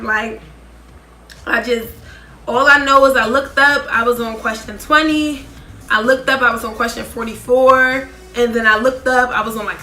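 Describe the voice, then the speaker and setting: A young woman in her twenties telling a casual storytime, chatty and animated, full of "like" and quick asides. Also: a little high, reverberant. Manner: chatty, animated, heavy use of "like". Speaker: vlogger.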